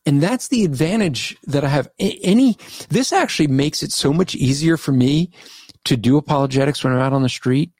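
A man guest on a podcast interview, a street evangelist telling stories of his debates in an animated, argumentative way. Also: fairly high pitch, brisk, no echo. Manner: animated, argumentative, recounts debates by acting out both sides. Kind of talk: conversational storytelling in a podcast interview.

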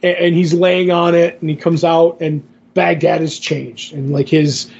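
A man's voice: on the high side, flat delivery, a little slow, creaky, darkish tone, slightly rough. A man hosting a podcast, casually retelling a comic book story with lots of fillers and quoted dialogue. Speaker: podcast host. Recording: dull lo-fi podcast audio.

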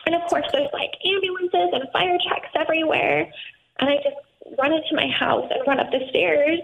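Woman, high voice, gravelly fry, tearful storytelling, tinny phone-line sound. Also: steady tone, normal speed, a little hiss or hum. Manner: tearful, voice breaking at times. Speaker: guest. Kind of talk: emotional personal storytelling.

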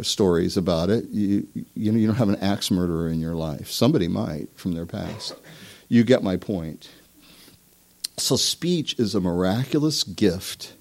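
A male pastor preaching to his congregation. He is lively and joking, and his pitch rises sharply whenever he mimics someone self-righteous. He has a mid-range voice and a conversational pace. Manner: animated, mocking voices for examples. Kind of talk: sermon. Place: church before a live congregation.

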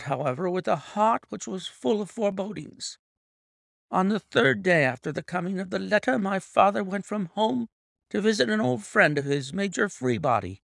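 Male audiobook narrator, theatrical, gravelly and lively, close and dry sound. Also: sits high, no echo. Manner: expressive, theatrical reading. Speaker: audiobook reader. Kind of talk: classic story narration.

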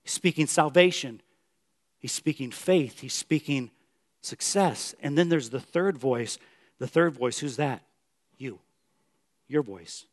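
A male pastor preaching a sermon in church, swinging from loud emphatic declarations to hushed, soft questions. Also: mid-range voice, slow, pauses often.

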